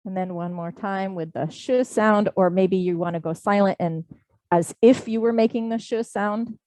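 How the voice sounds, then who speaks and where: A woman yoga teacher leads a class with gentle, unhurried cues, her voice mellow and warm. The sound is close and dry, with little room around it. Her pitch sits in an ordinary middle range for a woman. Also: steady tone, dry recording, poor audio. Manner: gentle, slow guiding cues with soft breathing sounds. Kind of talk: live class instruction. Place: indoor studio class, also streamed online.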